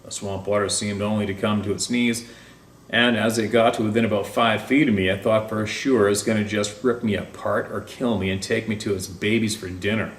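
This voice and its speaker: Man narrator, low voice, tense dramatic first-person storytelling, recorded a little off-mic in an echoey room. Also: fairly even intonation, brisk, a little hiss or hum. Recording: roomy, distant mic with faint ambience.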